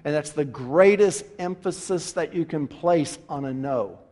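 A preacher with a high-pitched voice, delivering an animated sermon in a church. He asks rhetorical questions and drops from loud passages into hushed ones. Long reverb rolls around the hall after each phrase. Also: measured pace. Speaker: pastor.

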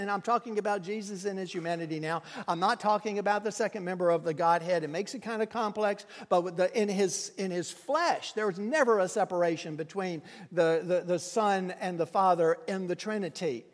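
A man preaching a sermon, swinging from hushed, slow lines to loud, impassioned crying out. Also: high-pitched. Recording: long reverb of a hall.

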